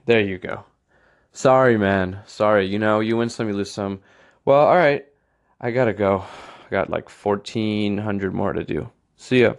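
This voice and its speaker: A man's voice: fairly low pitch, gravelly, clear, resonant tone. A man voicing a rejection letter as an awkward, rambling young man, overly casual and fumbling. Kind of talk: comedic impression.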